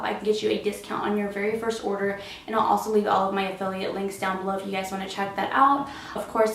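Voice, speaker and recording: A young woman with a rough, sick voice, chatting casually through a makeup tutorial, full of "like" and the odd swear word. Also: medium pitch, slight background noise. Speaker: beauty vlogger. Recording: roomy echo with background music.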